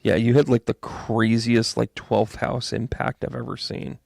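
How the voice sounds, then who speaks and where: Chatty man with a gravelly voice. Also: mid-range voice, measured pace, no echo. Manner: chatty, rambling, jokey, bursts of excitement. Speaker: psychic medium reading tarot. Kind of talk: live astrology and tarot reading.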